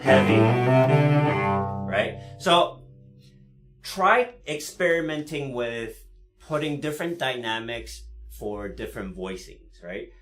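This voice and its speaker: A man teaching cello in a live lesson, explaining in a relaxed way with many fillers and frequent "right?" checks, pausing to play the instrument. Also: mid-range voice, soft background music. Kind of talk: live online music lesson. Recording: roomy sound with cello playing. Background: cello playing between phrases.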